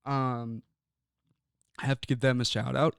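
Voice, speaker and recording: A young man from Illinois hosting a sports talk show, speaking earnestly and haltingly with frequent ums and repeated words. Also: mid-range voice, little pitch movement, gravelly, smooth, dry recording, studio quality. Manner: earnest and personal. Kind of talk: casual sports talk monologue.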